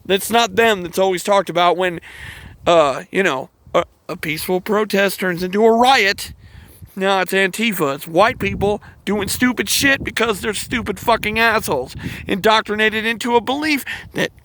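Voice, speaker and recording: A man hosting his own channel, delivering a heated, emotional monologue to camera, swearing often and pausing to sigh. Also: high voice, a bit bright. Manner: angry, profane ranting with sighs and restarts. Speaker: channel host.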